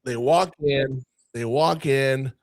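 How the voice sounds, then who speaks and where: A man co-hosting a film podcast, retelling a movie scene by scene in casual chat with plenty of swearing and quick character voices. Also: medium pitch, no room sound, studio quality. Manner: animated retelling, profane, acting out character voices. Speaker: podcast co-host, film critic.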